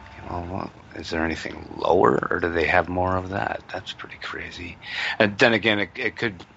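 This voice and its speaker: A man's voice: low voice, fairly even intonation, fairly quick, gravelly, fairly bright tone. A man hosting a radio interview, giving short reactions and thinking aloud as he clicks through a website. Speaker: radio host. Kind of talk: casual interview chat. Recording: dull lo-fi sound with faint hiss.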